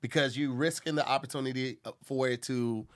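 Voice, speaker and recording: A man's voice: medium pitch, steady tone, brisk. A man co-hosting a podcast, reading a sponsor ad with emphatic enthusiasm and chatting casually. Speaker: podcast co-host. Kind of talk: casual chat and ad read.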